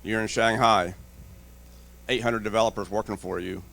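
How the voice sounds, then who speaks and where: A man speaking on a conference panel, his voice sitting a little low. He tells blunt, joking stories and acts out what people said to him. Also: steady tone, normal speed, gravelly, a bit bright. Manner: storytelling, acts out dialogue in quotes. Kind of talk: panel discussion. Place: conference stage.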